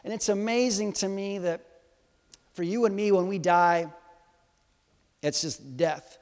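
A man preaching a sermon to a live congregation, animated and swinging from soft to loud, teasing and quizzing his listeners. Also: sits high, unhurried. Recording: long hall reverb.

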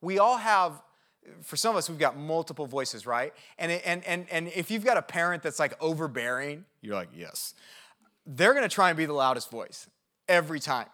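A man preaching a sermon in a conversational, energetic way, often checking in with his listeners. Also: a little high. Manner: conversational, checks in with "okay?" and "right?"; energetic and animated, with quick asides. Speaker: pastor.

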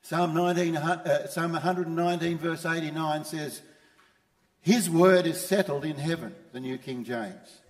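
A man's voice: on the high side, moderate pace, long reverb tail. A man preaching a sermon as pastor, emphatic and repeating his key phrases. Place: church.

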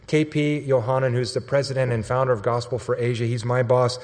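A man's voice: medium pitch, flat delivery, fairly quick, darkish tone. Earnest storyteller man in a reverberant hall. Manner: conversational, earnest storytelling with quoted dialogue. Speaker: mission staff speaker. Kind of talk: sermon storytelling.

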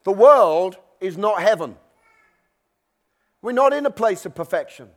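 Preaching in a church, a man whose voice sits high for a man keeps his sermon chatty and conversational. His intonation is lively and his pace unhurried, and now and then he slips into the voices of the worried believers he describes.

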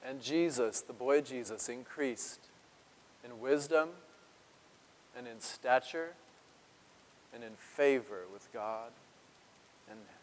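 A man's voice: mid-range voice, slow pace, pauses often, slight background noise. Playful male pastor preaching in a reverberant hall. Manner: playful, laughs often, talks to the congregation. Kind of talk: sermon. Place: church.

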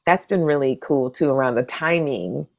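This is a woman in her forties with a strikingly deep voice and a gravelly texture. She talks in a relaxed, conversational way as a guest. Whenever she quotes someone, she acts the words out with big leaps in pitch. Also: moderate pace. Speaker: interview guest, zine maker. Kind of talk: casual storytelling conversation.

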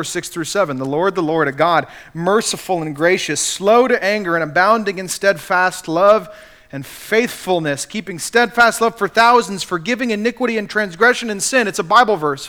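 A man's voice: sits high, moderate pace, sharp tone. A man preaching a sermon as pastor, earnestly acting out the quotes he cites.

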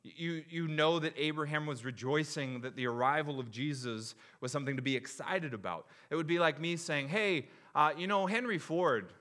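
Young man, pastor, sermon, bright voice, fairly high pitch, lively, playful. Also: moderate pace, hardly any pauses. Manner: animated, jokey, acts out crowd reactions.

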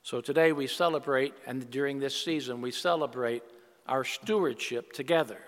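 A man's voice: medium pitch, moderate pace, in a large hall. An older male preacher giving a sermon, opening with jokes and then speaking earnestly about giving and stewardship. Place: church.

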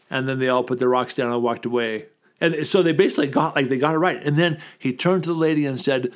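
Man telling a story with lively quoted voices. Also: medium pitch, fast. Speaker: guest speaker. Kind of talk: animated storytelling in conversation.

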